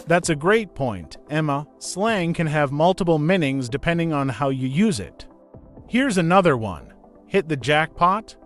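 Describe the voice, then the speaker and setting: A man's voice: fairly high pitch, animated, measured pace, soft background music. A man co-hosting a scripted English lesson podcast, upbeat as he introduces each new slang phrase. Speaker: co-host and English teacher.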